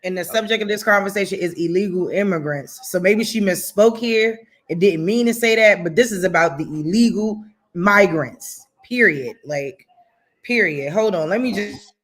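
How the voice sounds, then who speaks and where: A man's voice: high-pitched, normal speed, a bit bright. A man hosting a casual panel chat, firmly summing up the point. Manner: firm, sums up the point.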